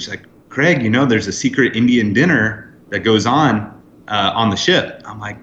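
A man's voice: lowish voice, normal speed, slight background noise. Man, 30s, podcast guest, chatty storyteller, roomy lo-fi sound. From United States. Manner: lively anecdotes with acted-out quotes. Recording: roomy, slightly dull sound.

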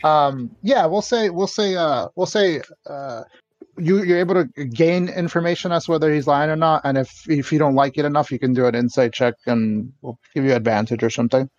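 A man's voice: a little high, moderate pace, darkish tone, no echo. A man narrating as game master, easygoing with frequent fillers, on dull lo-fi audio. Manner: laughs often, hesitant fillers.

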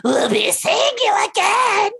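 A woman voicing an eerie, soft-spoken male alien visitor in a strained, gravelly put-on voice, drawing out her words slowly. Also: very high voice, very animated, no room sound, pitched above the performer's own voice, exaggerated voice. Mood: eerie calm. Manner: slow, drawn-out delivery.

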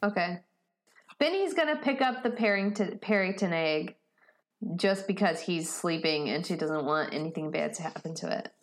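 A woman's voice: on the low side, expressive, normal speed. A woman playing a tabletop game, thinking aloud in a hesitant, casual way. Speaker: player.

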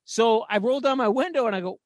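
A man's voice: very high voice, brisk, no room sound. A man co-hosting a podcast, telling a story in casual chat and swearing freely. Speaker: podcast co-host.

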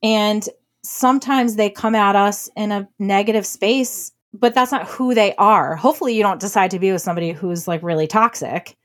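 A woman co-hosting a podcast, talking through relationship advice in a relaxed, conversational way. She leans hard on key points, stresses words with conviction and laughs easily. Her voice sits at an ordinary middle pitch. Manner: emphatic, earnest, quick to laugh. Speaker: podcast co-host. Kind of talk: casual relationship advice chat.

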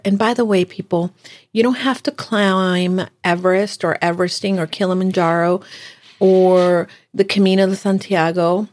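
Animated woman telling a story. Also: mid-range voice. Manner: animated, laughs often, acts out her own lines. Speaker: podcast co-host. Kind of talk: casual chat, storytelling.

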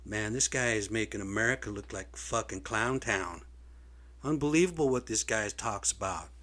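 A man's voice: on the low side, moderate pace, bright, forceful tone. A man ranting in a vlog monologue, blunt and profane, getting worked up and swearing freely. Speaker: video blogger. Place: lives in Seattle area.

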